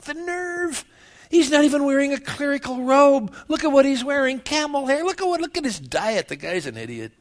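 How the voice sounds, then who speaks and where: A man's voice: very high voice, very animated, moderate pace, voice pushed up. A preacher putting on the voice of a smug, self-important male religious leader who sneers at an outsider. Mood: scornful.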